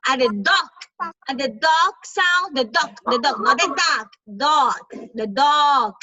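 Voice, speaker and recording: A woman whose first language is Spanish teaches English to children in an online class over a video call, patiently repeating words, coaxing the kids and imitating animal sounds. Her high voice is slow and sharp with lively intonation. The recording is dry and muffled.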